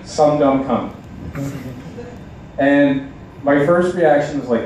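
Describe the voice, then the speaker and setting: A young man doing a halting, deadpan stand-up set at a bar open mic night. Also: medium pitch, highs cut off, slight background noise. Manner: halting, deadpan delivery with many ums. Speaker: stand-up comedian. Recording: echoey bar sound from a distance.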